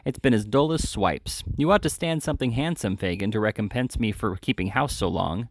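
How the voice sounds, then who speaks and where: A man's voice: fairly low pitch, fairly quick, dry recording, clean studio sound. Man reading as a swaggering, haughty crook. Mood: bored. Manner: slangy, boastful grumbling. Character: swaggering vain male crook, bored and haughty.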